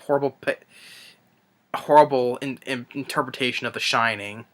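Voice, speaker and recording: A man reviewing a film in an unscripted rant, exasperated and scornful, rambling with halting restarts and fillers. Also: mid-range voice, a bit bright. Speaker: movie reviewer.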